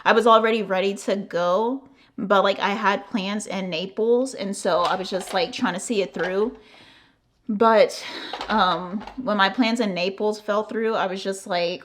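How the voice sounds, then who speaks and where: A woman's voice: medium pitch, takes it slowly, slight background noise. A young American woman telling a storytime to her channel in casual, candid talk, heavy on fillers and swearing. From United States. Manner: candid, profane, lots of "like" fillers. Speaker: vlogger.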